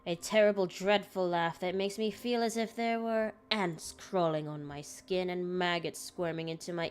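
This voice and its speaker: A woman's voice: lowish voice, normal speed, hardly any pauses, clear, resonant tone. A woman streamer reading a visual novel aloud dramatically, breaking off with laughing asides.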